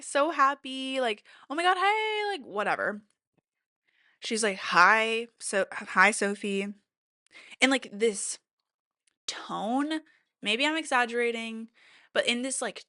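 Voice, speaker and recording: A young woman hosting a podcast, telling a story in a casual, chatty way, full of fillers and "like", with quotes acted out in sudden high jumps. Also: sharp tone, dry recording, clean studio sound. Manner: acts out quotes with big pitch jumps. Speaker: podcast host.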